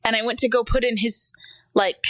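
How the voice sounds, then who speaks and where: A woman's voice: moderate pace, no echo. A woman co-hosting a casual podcast, telling funny family stories and acting out her kid's lines. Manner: animated storyteller, mimics her son in a high squeaky voice. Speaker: podcast co-host. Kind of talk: casual chat.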